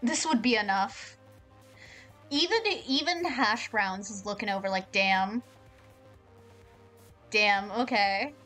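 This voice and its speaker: A woman streaming a game live, chatting in an excitable, rambling way and swearing a lot. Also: a little high, measured pace, soft background music.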